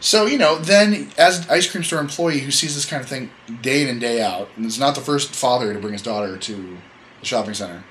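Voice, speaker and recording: A man's voice: mid-range voice, a little fast, fairly bright tone, slight background noise, low-quality recording. A man hosting a casual podcast chat, telling a story in a rambling, joking way and correcting himself as he goes. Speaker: podcast host.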